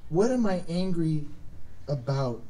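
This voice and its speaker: A man's voice: fairly high pitch, big pitch swings, takes it slowly, mellow. A man pastor giving a conversational sermon in a church, acting out the lines of the Bible characters as he goes. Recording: distant mic with faint background noise.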